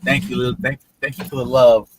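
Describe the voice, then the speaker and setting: A man hosting a casual live stream, chatting with viewers in an animated way, laughing often and repeating his words. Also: mid-range voice, a little fast, a little hiss or hum. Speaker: livestream host.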